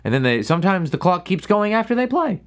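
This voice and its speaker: A man's voice: sits high, fast. A young man from New England hosting a podcast, ranting sarcastically with a lot of swearing. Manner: sarcastic, profane, animated ranting. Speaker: podcast host. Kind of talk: casual solo rant.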